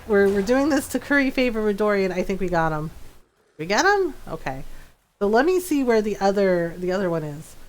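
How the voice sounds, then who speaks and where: A woman streaming a game, chatting casually with viewers, telling stories and laughing often. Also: on the high side. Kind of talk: casual gaming stream chat.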